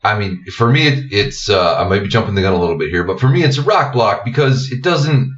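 A laid-back man talks through a casual podcast chat, hesitating and trailing off as he thinks. His pitch swings up and down a lot. The sound is roomy and a little dull, as if recorded on lo-fi gear. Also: animated, fast talker, fairly bright tone. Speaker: podcast co-host.

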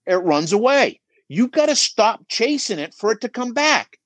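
Middle-aged male coach, animated and emphatic, mid-high voice, dry close sound. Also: moderate pace, no echo. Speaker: auto shop business coach guest. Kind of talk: podcast conversation.

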